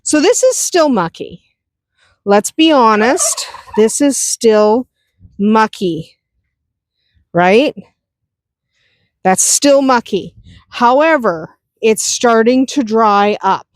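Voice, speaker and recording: A woman's voice: fairly high pitch, lively intonation, takes it slowly, pauses often, no echo. A woman chatting through a casual farm vlog, outdoors on a windy farm, often laughing and talking to her animals. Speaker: homestead vlogger.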